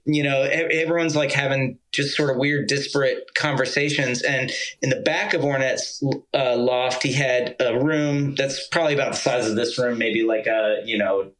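A man from Georgia, a musician guest, telling a rambling, animated story full of "like" and casual swearing. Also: medium pitch, normal speed, low-quality recording.

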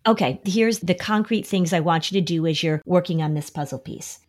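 An anxiety expert on a podcast, this woman explains her approach to anxiety conversationally, often acting out worried voices as quotes. Her voice is fairly low and darkish, and she talks a little fast.

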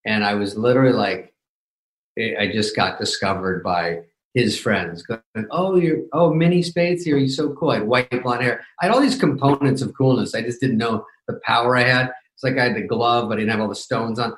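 A man's voice: on the low side, fairly quick, fairly bright tone, roomy sound, poor audio. A middle-aged man telling casual anecdotes as a podcast guest, dry and self-mocking, briefly mimicking others. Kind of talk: casual storytelling chat.

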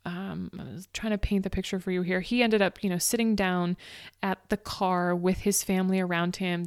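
Woman storyteller, smooth clear voice, dry close sound, emotional and chatty. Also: lowish voice, no room sound. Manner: emotional, fighting back tears; frequent fillers like "like" and "um". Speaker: ultrarunner recounting a race. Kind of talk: personal storytelling.

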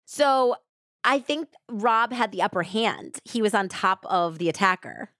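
Animated woman retelling a true crime story. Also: medium pitch, unhurried, no echo, clean studio sound. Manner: animated, breathless retelling with frequent "like" and quoted voices. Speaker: true crime podcast host. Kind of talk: casual storytelling narration.

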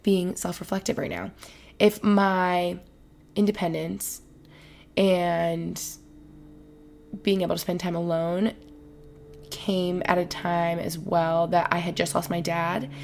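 A woman's voice: fairly low pitch, flat delivery, takes it slowly, vocal fry, pauses often, a little mellow, a little hiss or hum. A woman in her twenties hosting a casual solo podcast, rambling and emotional, with lots of "like". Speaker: podcast host.

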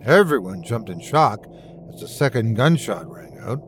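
A man's voice: medium pitch, big pitch swings, moderate pace, a little hiss or hum. A man narrating a first-person horror story with suspenseful, dramatic storytelling.

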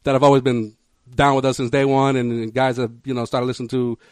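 A man's voice: mid-range voice, flat delivery, quick pace, dry recording, studio quality. A man co-hosting a sports podcast, telling a story in a rambling way, repeating words and acting out the people he quotes. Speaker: podcast co-host. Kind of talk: casual storytelling chat.

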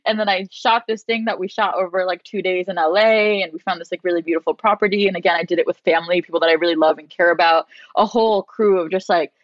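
A young woman, a guest, telling a story in casual chat. She is lively, says "like" a lot and jumps into higher voices when she quotes people. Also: fast, few pauses, no room sound, muffled recording. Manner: animated, heavy use of "like", acts out quotes in a higher voice.

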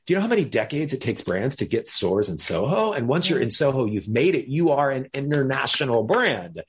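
A man, a podcast guest, telling a lively story with laughter and acted-out quotes. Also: mid-range voice, normal speed, breathy edge. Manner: animated, laughing, acts out quoted voices.

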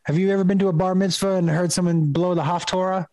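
Telling a comic story as a guest, this middle-aged comedian laughs frequently and performs the voices of the people in his tale. He talks quickly in a high, steady, slightly mellow voice, and the recording is dry.

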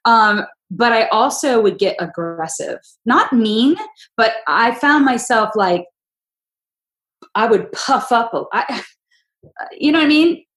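Woman podcast host, animated storyteller, echoey room. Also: a little high, slow, long pauses. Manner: animated storyteller, acts out quotes. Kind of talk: casual chat.

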